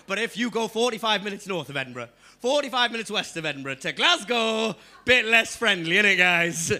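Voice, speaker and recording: A man's voice: sits high, lively intonation, quick pace, bright, forceful tone. A young Englishman with a Geordie accent doing a live stand-up set. He chats straight to the audience and punches up his lines. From England. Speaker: stand-up comedian.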